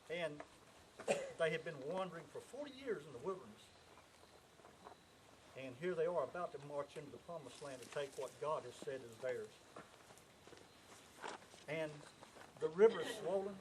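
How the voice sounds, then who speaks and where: A man from Alabama, giving an earnest, emotional, preacher-like speech at a cemetery dedication. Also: a little high. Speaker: speaker at a marker dedication. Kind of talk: outdoor public speech. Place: outdoors at a cemetery. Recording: outdoor camcorder with background noise.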